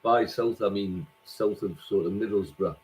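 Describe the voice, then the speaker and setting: A man hosting a quiz, reading out scores and questions slowly and repeating each question. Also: fairly low pitch, darkish tone, low-quality recording. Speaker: quiz host.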